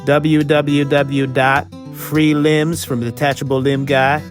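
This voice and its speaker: A man playing a brash male superhero in a spoof ad, rambling and crude as he pitches free limb clinics. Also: level tone, slow, soft background music. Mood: boastful. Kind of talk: comedy spoof ad.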